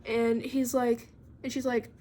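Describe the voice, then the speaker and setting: A woman's voice: on the high side, level tone, a little slow, mellow. A young woman casually recapping a book she read, rambling with lots of fillers and giggly asides. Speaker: book vlogger.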